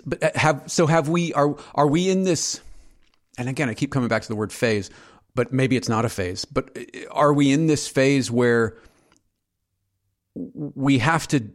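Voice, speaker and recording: A man co-hosting a podcast, musing aloud in casual talk and asking follow-up questions. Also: medium pitch. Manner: reflective, asks follow-up questions. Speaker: podcast co-host. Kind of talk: casual conversation.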